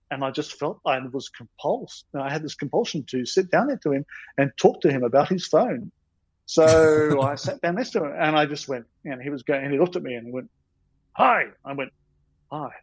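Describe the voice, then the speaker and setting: A man's voice: a little high, animated, fairly quick, no echo, poor audio. A man, a storyboard artist telling stories on a podcast in a rambling, self-deprecating way. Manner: rambling, self-deprecating, many ums and you-knows.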